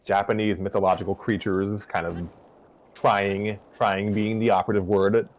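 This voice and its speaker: Low-voiced man narrating a fan story. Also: moderate pace, low-quality recording. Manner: relaxed, chatty, with fillers. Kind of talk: casual fan fiction narration.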